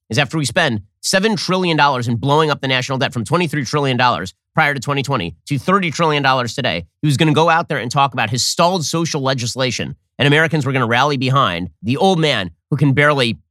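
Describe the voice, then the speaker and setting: A man's voice: medium pitch, a bit bright, dry recording, studio quality. A man hosting a political commentary show, reading news excerpts aloud and answering them with combative sarcasm. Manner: sarcastic, combative, rapid-fire delivery.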